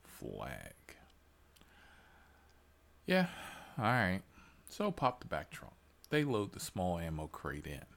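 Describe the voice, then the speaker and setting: A man's voice: sits low, huge pitch swings, slow, vocal fry, pauses often, a bit bright. A man telling a story to his followers as a heated, profane rant, full of emphasis and asides. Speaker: military veteran driver telling a story.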